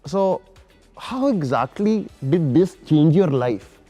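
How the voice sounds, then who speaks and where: Give me a man playing an emotional, chatty interviewer with a lively, lifted voice and faint music behind. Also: on the high side, slow pace, muffled recording, voice pushed up. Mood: chummy. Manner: chatty, keeps adding "huh?" and "bro".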